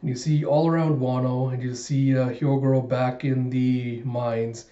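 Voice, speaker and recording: Casual male reviewer recapping a comic chapter, mellow voice, offhand and filler-heavy. Roomy, slightly muffled home recording. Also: mid-range voice, flat delivery, a little slow. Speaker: manga reaction YouTuber.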